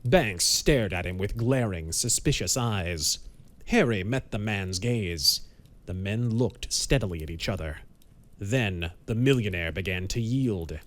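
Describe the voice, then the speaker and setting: A man giving measured, dramatic narration of a pulp audiobook. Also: lowish voice.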